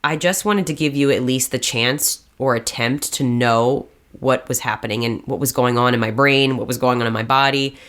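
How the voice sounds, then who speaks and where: A woman's voice: extremely low pitch, normal speed, hardly any pauses, fairly bright tone. Earnest woman podcast co-host. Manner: earnest, heartfelt. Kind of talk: casual chat.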